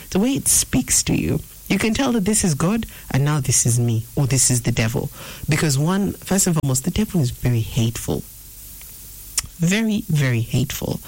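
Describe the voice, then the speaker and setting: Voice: mid-range voice, darkish tone, no room sound, poor audio. A preacher teaching an informal sermon, earnest and repeating phrases for emphasis. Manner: acts out inner voices in quotes. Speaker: preacher answering a viewer question.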